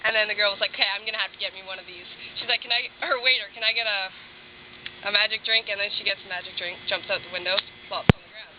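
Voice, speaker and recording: A man's voice: sits high, fairly even intonation, rapid-fire, dull audio, slight background noise. A young man telling a joke to friends, giggly and a little self-conscious. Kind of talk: telling jokes among friends.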